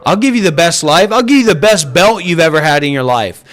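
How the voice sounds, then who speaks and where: A man's voice: on the high side, animated, fairly quick, a bit bright. A man hosting an online voice chat and livestream, scolding listeners with profanity and repetition. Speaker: voice chat host and streamer. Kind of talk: livestream rant.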